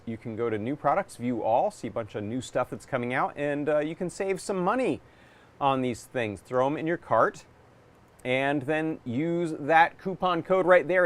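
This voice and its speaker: A man hosting a live maker workshop stream, chatty and casual with lots of fillers, a bit congested from a cold. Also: fairly high pitch. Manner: chatty, friendly, loose with fillers. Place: home workshop.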